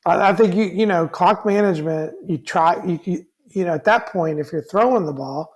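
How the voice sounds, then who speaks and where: A man's voice: high voice, normal speed, hardly any pauses. Rambling man, raised voice, talking sports. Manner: rambling, many fillers and restarts, laughs easily. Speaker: podcast co-host. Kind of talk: casual sports chat.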